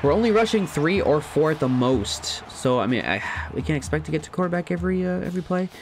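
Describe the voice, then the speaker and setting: A man giving casual let's-play commentary on a football video game, chatty and thinking aloud, laughing at himself and jumping to loud shouts at big plays. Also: fairly high pitch, lively intonation, fast talker, soft background music. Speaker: gaming commentator.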